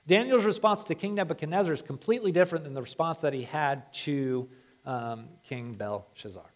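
A man's voice: on the high side, brisk. Man, sermon, conversational preaching, emphatic stress, church.

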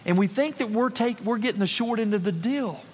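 A man's voice: high-pitched, fairly quick, long reverb tail, a little hiss or hum. A male pastor preaching a sermon, emphatic and repeating key phrases for stress. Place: church sanctuary.

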